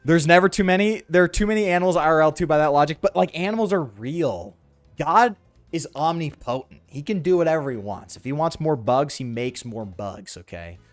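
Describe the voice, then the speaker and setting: A man's voice: a little high, expressive, a little fast, dry recording, faint music behind. A young man streaming a game, rambling sarcastically with his chat in slangy, offhand talk. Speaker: gaming streamer. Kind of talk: casual let's-play commentary with chat.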